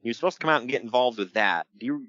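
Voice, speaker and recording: A man hosting a casual podcast, his voice bright and lively as it swings up and down. He laughs easily and acts out quotes in a high, shouting voice. The recording is dry and a bit muffled. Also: racing, no room sound. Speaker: podcast host. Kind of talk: casual podcast chat reviewing wrestling.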